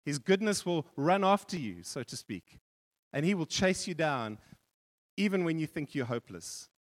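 A man with a fairly high voice preaches a sermon to his congregation. He talks in a loose, conversational way, often restarting and adding asides. His words ring out with a long reverb that fills the church hall. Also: sing-song, moderate pace. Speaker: pastor.

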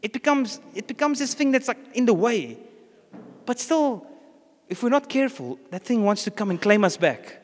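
South african preacher guy, high voice, long echo in the church, acts out the story bits. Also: big pitch swings, moderate pace. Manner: storytelling, acts out characters' lines. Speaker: pastor. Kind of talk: sermon. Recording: reverberant church hall.

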